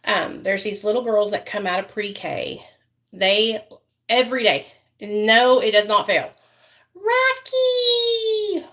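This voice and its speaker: A woman's voice: mid-range voice, unhurried, fairly bright tone. A woman vlogging casually while doing her makeup, rambling and chatty with many fillers, and doting on her dog. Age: adult parent.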